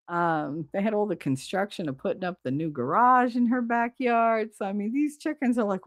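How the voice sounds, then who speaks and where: A woman's voice: a little high, expressive, fairly quick, hardly any pauses, no room sound, studio quality. A middle-aged woman hosting a live stream, chatting casually and bluntly, swearing freely while she reads viewers' comments.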